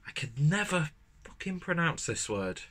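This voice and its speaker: A man's voice: a little high, big pitch swings, moderate pace, a bit bright. A man reviewing a beer to camera at home, chatting casually with rambling asides and the odd swear word. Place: at home, indoors. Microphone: camera mic.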